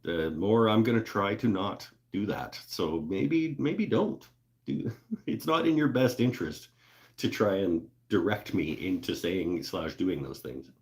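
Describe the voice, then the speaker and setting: A man with a very low voice hosts a casual livestream from his woodworking shop. He talks in a loose, joking way, full of fillers and asides to viewers. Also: animated, unhurried. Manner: laid-back, joking, lots of fillers and laughs. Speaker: livestream host. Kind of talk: casual livestream chat reading viewer comments.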